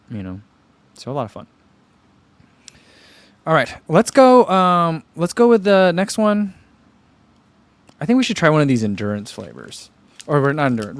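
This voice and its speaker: A man with a voice on the high side casually hosts a running-channel livestream, reading viewer comments and rambling with many fillers. The recording is dry.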